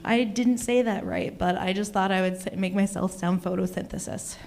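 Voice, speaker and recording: A woman's voice: medium pitch, fairly even intonation, moderate pace, creaky, darkish tone. A young woman doing an open mic stand-up set in a small comedy venue, rambling and self-mocking as she chats with the crowd. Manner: keeps saying "oh my goodness". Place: small comedy venue in front of a live audience.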